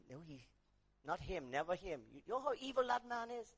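A man preaching a sermon, dropping to quiet asides, rising to shouted emphasis, and acting out quoted voices. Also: sits high, expressive, brisk, breathy edge.

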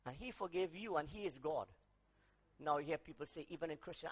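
A man preaching a sermon, dropping to quiet asides, rising to shouted emphasis, and acting out quoted voices. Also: fairly high pitch, animated, fairly quick, husky.

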